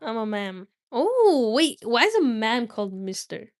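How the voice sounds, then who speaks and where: A woman's voice: on the high side, very animated, unhurried, no echo, clean studio sound. A woman hosting a livestream, chatting playfully with viewers between reading passages of a novel aloud. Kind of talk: casual livestream chat and read-aloud.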